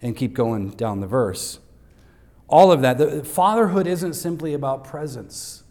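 A man's voice: medium pitch, measured pace, darkish tone. A man preaching a Father's Day sermon in a church as pastor, stressing and repeating his main points, with touches of humor for the congregation. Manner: emphatic, repeats key points for note takers; light humor aimed at the congregation. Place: church sanctuary.

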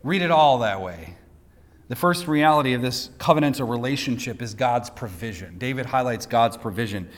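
A man preaching a sermon in a hall, his voice trailing off into a long reverb. He teaches through the text with light asides and often repeats a word as he goes, at an ordinary pitch for a man. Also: expressive, normal speed. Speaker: pastor.

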